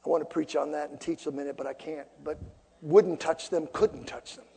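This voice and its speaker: High-voiced preacher man in a reverberant hall. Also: steady tone, fairly quick, vocal fry, husky. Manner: emphatic, builds to loud rising peaks. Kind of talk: sermon. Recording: long reverb of a large hall.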